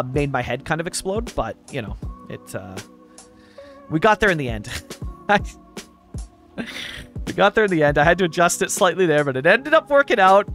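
Chatty man, lively and upbeat. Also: fairly high pitch. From Canada (Vancouver). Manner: rambling, chuckling, thinking aloud with many fillers. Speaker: city-builder gameplay commentator. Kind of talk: casual gameplay commentary. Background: faint background music.

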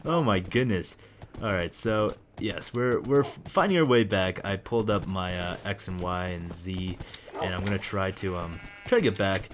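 A young man casually commenting on his own gameplay as a video host, rambling and excitable with lots of jokes. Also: deep voice, moderate pace, soft background music. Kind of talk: casual let's-play commentary.

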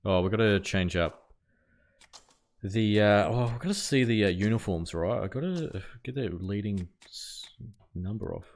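A man talks to his audience over a live game stream, his voice sitting a little low. He drifts between chat and play-by-play in a loose, offhand way, with the odd bit of mild swearing. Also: unhurried. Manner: relaxed, chatty, greets viewers while playing, mild swearing. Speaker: livestreamer. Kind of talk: casual live game commentary.

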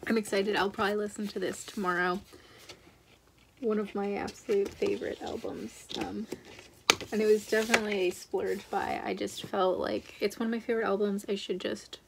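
A woman's voice: medium pitch, flat delivery, normal speed, gravelly, slight background noise. A young adult woman chatting casually in a home vlog, gushing and often trailing off and restarting her sentences. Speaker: book vlogger.

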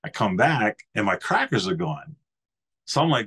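This podcast guest, a fiftysomething man from New York, rambles easygoingly through stories of his Marine years in a casual interview. His fairly low voice is sing-song, pushed, bright and slightly rough, at a normal speed.

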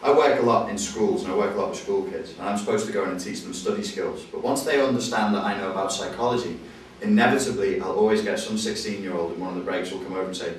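Trainer: man, animated storyteller, room reverb heavy, mic at a distance. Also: on the low side, racing, slight background noise. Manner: animated, jokey, acts out voices and screams. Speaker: NLP trainer. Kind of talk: lively teaching with acted-out stories.

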